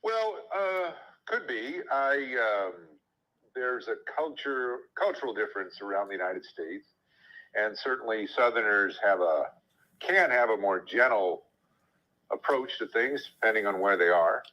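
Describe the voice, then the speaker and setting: A man's voice: fairly low pitch, animated, measured pace, highs cut off. A man who works as an actor, talking thoughtfully and explaining at length in a casual chat. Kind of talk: casual chat in an audio room.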